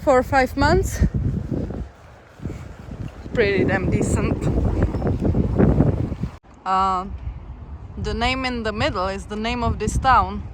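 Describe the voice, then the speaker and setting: An easygoing young hiker talks to a handheld camera in an unhurried, drawn-out way, tossing off dry, amused asides. Wind and passing traffic are clearly heard behind the voice. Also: mid-range voice. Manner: chatty, easygoing, wry. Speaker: long-distance hiker, vlogger. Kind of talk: casual vlog talk while walking. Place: outdoors by a road in a town, windy. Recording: wind and traffic noise outdoors. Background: wind and passing vehicles.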